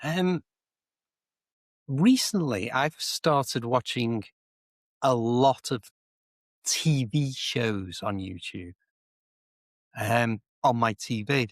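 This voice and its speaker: A man's voice: mid-range voice, drawn-out words, long pauses, no room sound. Chatty Liverpool-accented man, dry sound. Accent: Liverpool English. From England. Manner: chatty, explains idioms with rambling examples. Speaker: co-host, English teacher. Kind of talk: casual chat. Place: indoor home office.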